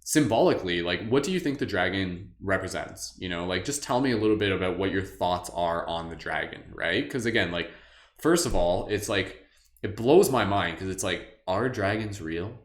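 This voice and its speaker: Male meditation host, loose rambling livestream chat with a playful streak, low register, recorded in a reverberant room. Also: animated, normal speed. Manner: rambling, heavy use of "like"; playful, wondering.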